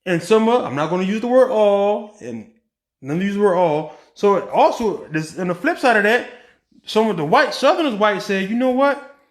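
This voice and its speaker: A political commentary podcaster with a high voice gives a casual opinion monologue at a moderate pace, recorded in an echoey room. He's animated, firing off rhetorical questions, restarting sentences, and filling gaps with ums.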